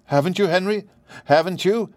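A man's voice: mid-range voice, expressive, moderate pace, no echo, studio quality, lightly acted. A man voicing an older country wife in a storybook reading, anxious and wailing in a raised voice. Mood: terrified.

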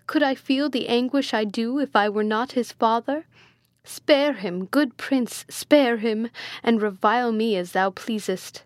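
A woman's voice: fairly high pitch, normal speed, hardly any pauses, no echo, lightly acted. A woman reading as an old pleading friar. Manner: pleading, emotional, raised voice. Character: old male friar, pleading father, devout.

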